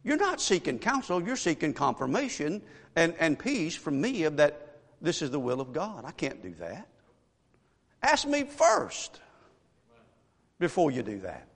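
A man preaching a sermon as a pastor, telling a story with animated asides and rhetorical questions to the congregation. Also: fairly high pitch, measured pace. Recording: echoey church hall.

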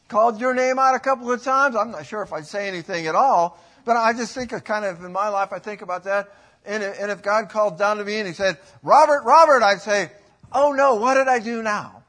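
A middle-aged man preaching a sermon in a folksy, rambling way, rising to loud bursts when he quotes. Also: sits high.

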